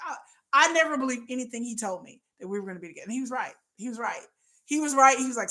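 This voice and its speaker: A middle-aged woman hosting a livestream, chatting casually and acting out quoted lines in a lowered voice. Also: quick pace. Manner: animated, acts out quotes in lowered voice. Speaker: livestream host. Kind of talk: casual storytelling chat.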